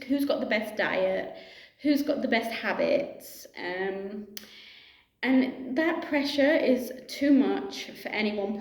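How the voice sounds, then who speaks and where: This middle-aged yoga teacher, medium in pitch, talks to camera in a relaxed, reflective and chatty manner. She laughs easily and peppers her speech with asides and fillers, all in an echoey room.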